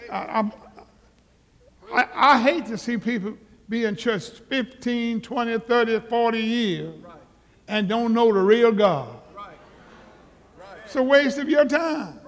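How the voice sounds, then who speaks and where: A man's voice: extremely high pitch, slow, pauses often. Male pastor, repetitive and emphatic sermon delivery, live church auditorium with long reverb. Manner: emphatic, repeats himself, rises to loud exhortation.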